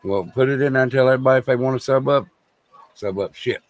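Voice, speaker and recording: A man's voice: medium pitch, quick pace, no echo. A man co-hosting a casual livestream, trading crude jokes in a drawling, bantering way. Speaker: livestream co-host.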